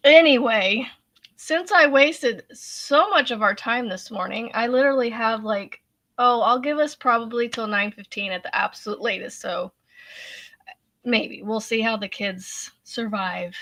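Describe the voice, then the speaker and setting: A woman's voice: fairly high pitch, moderate pace, a bit bright. A woman, casually chatting on her crochet livestream, giggly and talkative, laughing so hard her eyes water. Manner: giggly, chatty, addresses viewers as y'all. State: laughing to tears.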